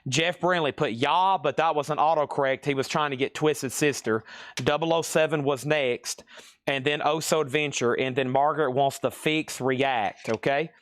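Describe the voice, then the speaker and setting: A man hosting a live-stream record sale, briskly reading out items, buyers and prices, and checking in with "okay?". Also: mid-range voice, a bit bright, a little hiss or hum.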